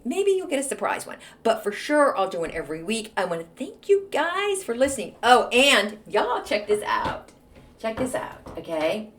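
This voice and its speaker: A middle-aged woman talks straight to her listeners in a loose, chatty way. Her pitch leaps up and drops down all the time, lively and expressive. She sounds like she is hosting her own solo show. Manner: animated, chatty, jumps in pitch. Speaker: podcast host. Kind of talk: casual solo podcast chat.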